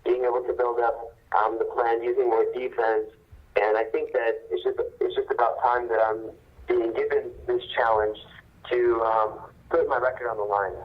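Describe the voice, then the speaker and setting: 18-ish guy calling in, earnest, steady, says um a lot, mid voice, muffled phone sound. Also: medium pitch. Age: young adult. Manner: measured, earnest, with many ums. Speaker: professional boxer guest. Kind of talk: phone interview. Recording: dull phone line.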